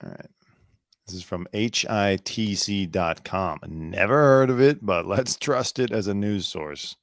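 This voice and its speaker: A man's voice: on the low side, measured pace, dry recording, studio quality. A man hosting a commentary show, sarcastically mocking a news clip and laughing. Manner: sarcastic, laughing, animated mockery. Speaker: show host.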